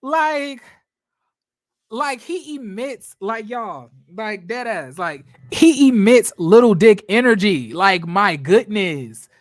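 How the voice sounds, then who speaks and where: A man's voice: high voice, lively intonation, slow pace, no echo. Sassy man giving dry, close commentary. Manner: sassy, slangy, swings between loud and muttered. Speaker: commentary vlogger. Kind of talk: reaction commentary.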